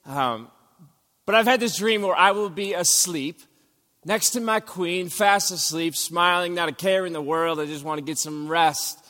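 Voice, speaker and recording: A man in his thirties delivers a sermon as an animated storyteller, acting out scenes and breaking into loud outbursts. His voice sits a touch high for a man. Long reverb from a large hall trails each phrase. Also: normal speed. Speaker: pastor.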